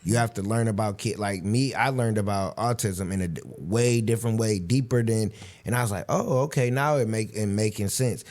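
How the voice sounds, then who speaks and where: Animated storytelling man in his thirties. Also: fairly low pitch, normal speed. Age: 30s. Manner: animated storytelling, acts out quoted voices. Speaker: podcast host. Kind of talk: casual conversational interview.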